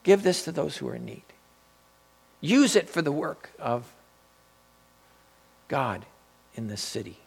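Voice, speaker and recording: A man voicing a generous early church figure who speaks quietly and earnestly. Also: a little high, big pitch swings, a little slow, vocal fry, pauses often, husky, exaggerated voice. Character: generous early church man giving his money away.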